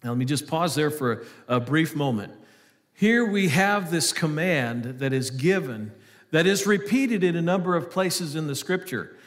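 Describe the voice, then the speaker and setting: A man's voice: on the high side, lively intonation, moderate pace, long reverb tail. A male pastor giving an earnest sermon, reading scripture aloud between hesitant, restarting remarks.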